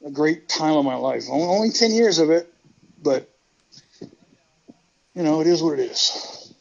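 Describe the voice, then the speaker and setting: A man's voice: fairly high pitch, animated, a little slow, vocal fry, lo-fi sound. A man rambling through profane stories in a casual interview, laughing as he goes. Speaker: guest, retired pro wrestler.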